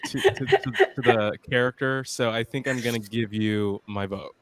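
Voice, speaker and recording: A man judging a comedy debate, hesitant with many pauses. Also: medium pitch, steady tone, slight background noise. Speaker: panel judge.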